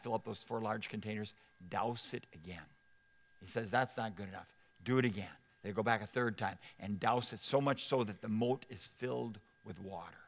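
Preacher guy, lowish voice, storytelling sermon w/ big dramatic emphasis, echoey church hall. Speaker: pastor.

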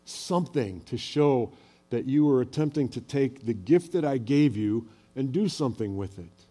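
A man's voice: medium pitch, animated, normal speed, mellow. An older man preaching a sermon as a pastor, telling personal stories in a conversational way and asking the audience questions.

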